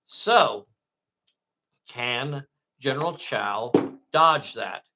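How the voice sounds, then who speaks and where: A man's voice: mid-range voice, lively intonation, extremely slow, bright, forceful tone. A man hosting a solo tabletop game, narrating the action with play-by-play enthusiasm and often addressing viewers as boys and girls.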